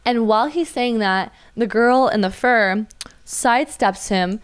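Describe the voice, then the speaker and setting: Smooth-voiced young woman telling stories. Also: a little slow. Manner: animated, acts out quotes in high voices. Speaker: podcast guest, waitress. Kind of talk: casual storytelling chat.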